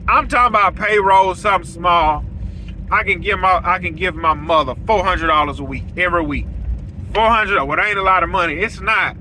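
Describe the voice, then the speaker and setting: A man's voice: high-pitched, fairly quick, sharp tone, slight background noise, low-quality recording. A man, a welder hosting his own show, telling a story straight to his viewers in a blunt, preachy way. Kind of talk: casual storytelling monologue to viewers.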